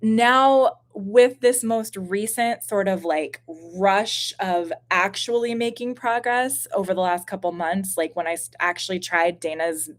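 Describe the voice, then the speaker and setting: A woman in her thirties chatting on a home live stream, her voice sitting at an ordinary middle pitch. She rambles through viewer questions with fillers and self-mocking asides. A slight stuffiness from postnasal drip colours her talk. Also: fairly even intonation, a little slow, few pauses. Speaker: YouTube channel host.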